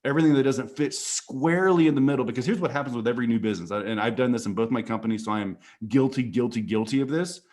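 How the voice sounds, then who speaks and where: A man's voice: mid-range voice, fast, hardly any pauses, a little mellow. A man speaking as a guest on a casual panel call, earnest and repeating words as he thinks.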